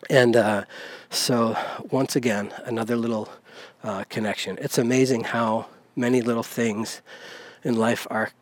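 Relaxed man rambling on a walk. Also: medium pitch, measured pace, no echo. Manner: relaxed, rambling, with many fillers and self-corrections. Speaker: podcast host. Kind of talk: casual spoken monologue. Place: outdoors, on a walk down a village street. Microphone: handheld recorder.

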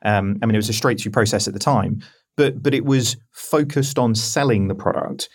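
Lowish guy hosting a podcast, chatty, fast, cracks little jokes. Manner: chatty, quick, jokey asides. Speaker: host, interviewer. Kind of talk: casual podcast chat.

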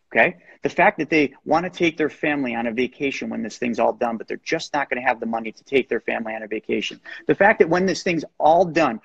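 An energetic, persuasive man coaching listeners like a preacher. His voice is gravelly and a bit husky. The sound is dry and lo-fi, as if it came over a remote call. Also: mid-range voice, dry recording. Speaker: guest, real estate lender. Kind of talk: motivational coaching talk. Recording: dull lo-fi sound.

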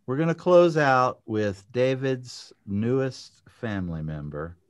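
A man co-hosting a live podcast in casual chat, upbeat and quick to laugh. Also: mid-range voice, animated. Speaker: podcast co-host.

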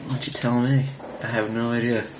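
A man plays his character in a tabletop game and answers in short, dry, wry lines. He is recorded in an echoey room with clear noise underneath. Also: mid-range voice, flat delivery, fairly quick. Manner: dry, terse and wry replies. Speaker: player.

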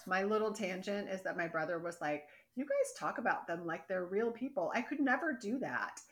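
A woman co-hosting a casual podcast, recapping episodes in an animated, exasperated way and acting out what the characters say. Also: medium pitch, moderate pace. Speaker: podcast co-host.

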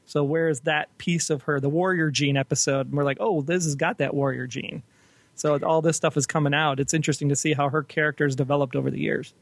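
A man with a somewhat raised pitch talks as a podcast guest, building his case in an eager, analytical way. His voice sounds dry and close. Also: fairly even intonation, quick pace, creaky, no echo. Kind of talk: casual chat.

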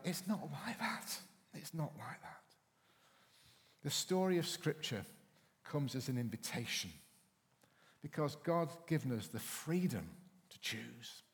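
Storytelling preacher in a reverberant hall. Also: male voice, a little high. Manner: storytelling, acts out voices in anecdotes. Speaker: pastor. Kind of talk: sermon. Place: church hall.

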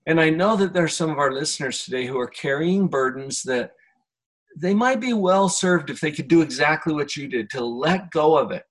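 Male podcast host, slightly high voice, slow reflective coaching manner, conversational. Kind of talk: conversational interview.

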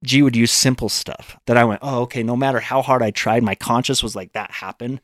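A man's voice: medium pitch, steady tone, brisk, no room sound, studio quality. A man telling a personal story as a podcast guest, earnest, acting out his own thoughts in quotes.

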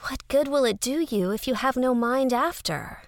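A woman voicing a gentle young female giant larva with a lifted voice. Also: high-pitched, normal speed, dry recording, clean studio sound, voice pushed up.

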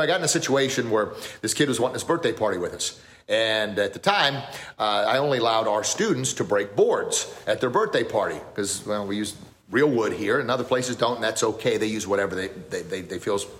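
A man's voice: on the low side, expressive, fairly quick, a bit bright. A middle-aged man, a martial arts school owner hosting a podcast, tells a personal story in a rambling, earnest way with many restarts. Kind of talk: casual storytelling.

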